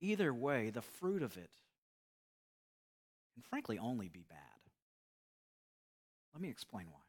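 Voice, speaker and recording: A man preaching a sermon, telling an illustrative story in an earnest, measured way. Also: mid-range voice, very animated, slightly rough. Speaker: pastor.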